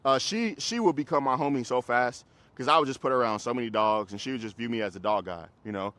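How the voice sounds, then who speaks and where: A man who trains dogs, coaching a group class in a casual, hands-on way, giving quick commands to dogs and explanations to owners. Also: medium pitch, steady tone, a bit bright, clear, resonant tone. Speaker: dog trainer.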